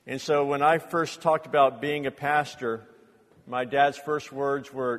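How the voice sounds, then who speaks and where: Middle-aged pastor preaching in a reverberant hall. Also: male voice, mid-range voice, fairly even intonation, a little slow. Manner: earnest storytelling, builds to loud impassioned outbursts. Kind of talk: sermon. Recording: long reverb of a large hall.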